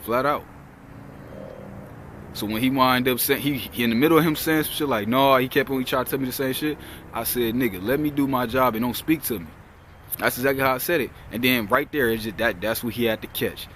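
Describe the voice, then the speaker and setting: A man's voice: mid-range voice, a little fast, a bit bright, slight background noise. A young man vlogging outdoors, retelling a work story in a heated, profane, rambling way. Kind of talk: casual storytelling.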